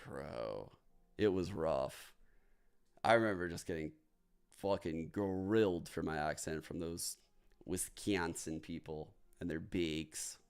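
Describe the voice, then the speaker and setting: A man's voice: low-pitched, slow, gravelly, clear, resonant tone. A man from New Orleans chatting casually on a livestream, joking and swearing as he reacts. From New Orleans, United States. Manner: profane, joking, reacting out loud. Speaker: streamer hosting a watch party.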